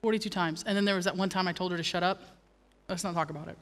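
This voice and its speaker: A woman's voice: fairly low pitch, fairly even intonation, very fast, a bit bright, long reverb tail. A woman pastor preaching a sermon with passion, building to emphatic declarations and dropping in humorous asides. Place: church.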